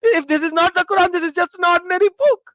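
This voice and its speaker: A man voicing a calm male debater who presses his point with patient, insistent questions. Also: very high voice, fast, no echo, dull audio, pitched above the performer's own voice.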